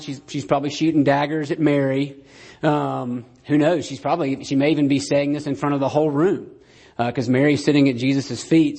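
A man's voice: a little high, darkish tone. A man preaching a sermon to a congregation. He talks in a conversational way, often asks "right?", and acts out the quoted lines. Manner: conversational, keeps asking "right?".

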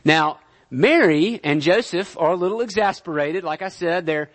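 A man's voice: sits high, moderate pace. Conversational male preacher. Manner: conversational, checks in with "right?" and "okay?". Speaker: pastor. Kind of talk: sermon.

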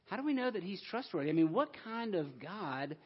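A man's voice: sits high, very animated, brisk, husky, highs cut off. A man preaching a sermon in an earnest way, pushing up into emphatic questions.

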